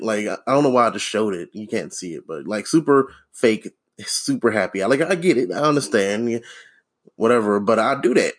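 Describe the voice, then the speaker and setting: A man hosting a podcast alone, rambling in a deadpan, sardonic way, swearing freely and filling with ums and restarts. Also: fairly low pitch, moderate pace. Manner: profane, rambling, sardonic, many fillers and restarts. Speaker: podcast host. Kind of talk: casual solo rant.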